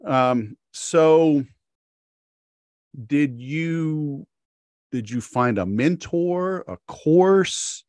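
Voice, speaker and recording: A man's voice: on the high side, animated, very slow, pauses often, a little mellow, no echo, clean studio sound. A man hosting a podcast, telling a story in casual chat with many fillers and restarts. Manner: acts out quoted characters in a sharply raised voice. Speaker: podcast host.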